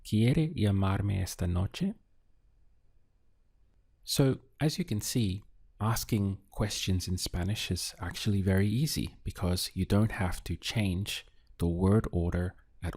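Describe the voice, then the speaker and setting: Man, language teacher, deep voice, mellow tone, dry close sound. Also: dry recording. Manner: slow, deliberate, models Spanish phrases. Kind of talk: scripted lesson narration.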